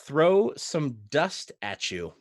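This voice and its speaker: A man narrating as game master, rambling and relaxed, with many fillers. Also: fairly high pitch, slow pace, no room sound, studio quality.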